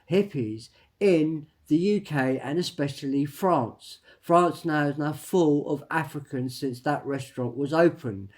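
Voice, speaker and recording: A man talking alone to camera in a rambling personal monologue, halting and emphatic, with many restarts and repeated words. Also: mid-range voice, a little mellow. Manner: emphatic, tags lines with "right?". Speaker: vlogger.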